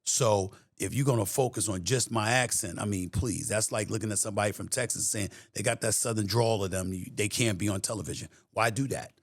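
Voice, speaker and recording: A man's voice: on the low side, brisk, few pauses, no room sound, studio quality. A middle-aged man with a New York accent, a guest talking in an emphatic, streetwise way in a casual interview. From New York City.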